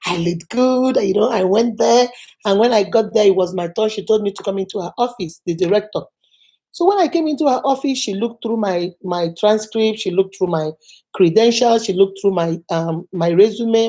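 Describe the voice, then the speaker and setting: A woman's voice: mid-range voice, dark tone. A middle-aged Nigerian woman, a native Igbo speaker with a Nigerian accent, giving an earnest motivational talk to camera and telling stories, repeating phrases for emphasis. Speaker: vlogger.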